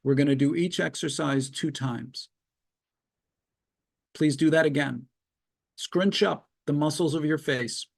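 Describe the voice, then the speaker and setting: Over a video call, a male psychologist hosting a webinar leads listeners through progressive muscle relaxation. He speaks calmly in a slightly high voice with vocal fry, offering slow cues one step at a time and pausing at length.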